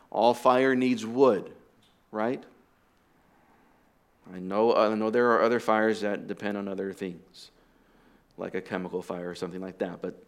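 A pastor preaching a sermon, explaining deliberately and dropping in casual asides to the congregation. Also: male voice, lowish voice. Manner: deliberate teaching with conversational asides.

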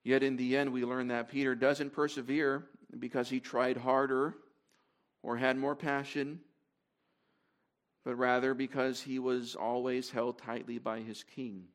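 A man gives a sermon to a gathered congregation in a middle-pitched, everyday voice. He speaks conversationally, with fillers and restarts, and reads scripture passages aloud as he goes. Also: level tone, measured pace. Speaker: preacher.

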